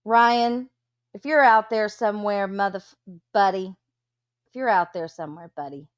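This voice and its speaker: A woman's voice: mid-range voice, moderate pace, no echo, muffled recording. A woman, hosting a livestream and chatting casually with viewers, blunt and profane. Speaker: livestream host. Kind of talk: casual chat reading out viewer comments.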